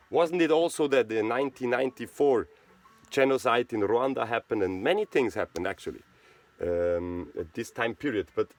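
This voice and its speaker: A man's voice: mid-range voice, expressive, normal speed. A man from Switzerland who speaks with a Swiss German accent, talking in a rambling casual monologue and often checking in with "right?". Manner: rambling, repeats words, asks "right?". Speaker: channel host.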